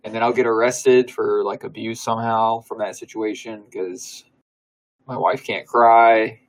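A man's voice: lowish voice, level tone, a little slow, poor audio. A man co-hosting a comedy podcast in casual chat, trading playful jokes. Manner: jokey, playful banter. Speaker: podcast co-host.

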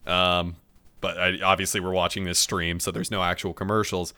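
A man's voice: low voice, level tone, moderate pace, bright, forceful tone, clear, resonant tone. A man in casual podcast chat, recapping an anime episode, laughing often, swearing and acting out the characters' lines.

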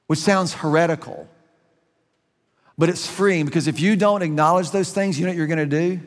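A middle-aged man preaching a sermon as a pastor, earnest and conversational, slowing down and speeding up for emphasis. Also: fairly high pitch, fairly even intonation, in a large hall. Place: church sanctuary.

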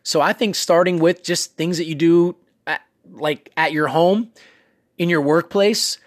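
A man's voice: fairly high pitch, steady tone, a little slow, dry recording, clean studio sound. A man hosting a casual motivational talk, coaching listeners in a conversational way with many fillers and asides. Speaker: self-improvement podcast host.

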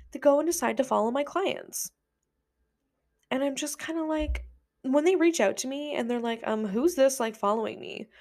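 A woman's voice: fairly high pitch, vocal fry. A woman hosting a casual podcast as a lash tech, ranting her opinions emphatically with many fillers and restarts.

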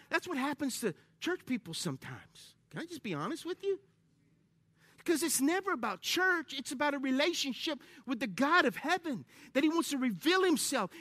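A man with a very high, sharp, bright voice preaches a lively sermon to a church congregation. He jokes and calls out to the crowd in energetic call-and-response. The sound is dry and close, with no echo.

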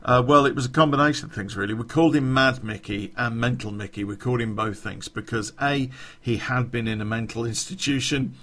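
A man's voice: mid-range voice, brisk, fairly bright tone. A man telling a rambling podcast anecdote, chuckling and swearing as he goes. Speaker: podcast storyteller.

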